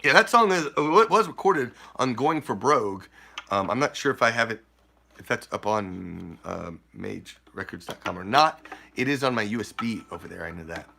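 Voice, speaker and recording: A man's voice: on the low side, lively intonation, normal speed, vocal fry, sharp tone, a little hiss or hum. A man hosting a Celtic music show, chatting casually between songs in a loose, joking way that trails off and restarts.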